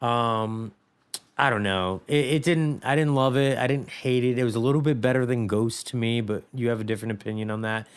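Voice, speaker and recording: Smooth-voiced podcast host, man. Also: medium pitch, fairly even intonation, a little fast. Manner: rambling, full of fillers and restarts. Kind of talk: casual movie discussion.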